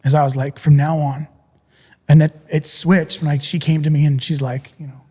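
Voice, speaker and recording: A man's voice: a little high, level tone, normal speed, warm tone, husky, big-room sound. A middle-aged man, a podcast guest and coach, telling a personal story intensely and earnestly. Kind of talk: candid interview talk.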